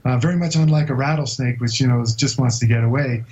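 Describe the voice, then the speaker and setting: A man being interviewed as a guest explorer, telling a long story in a vivid but halting way with many hesitations. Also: medium pitch, a little mellow, muffled recording. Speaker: guest explorer recounting an expedition.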